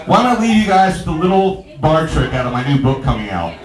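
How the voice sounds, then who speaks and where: Fairly high-pitched, very animated, and brisk, a man works through a stand-up comedy set in a small, echoey bar. He rambles and stammers through his stories while trading banter with the crowd.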